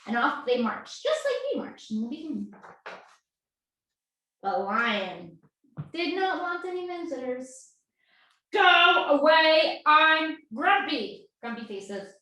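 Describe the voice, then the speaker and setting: Animated sing-song woman in echoey room. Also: sits high, a little slow, pauses often. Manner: animated, sing-song, coaxing young kids to join in. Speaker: children's librarian leading yoga story time. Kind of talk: children's story time with songs. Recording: echoey room, distant mic.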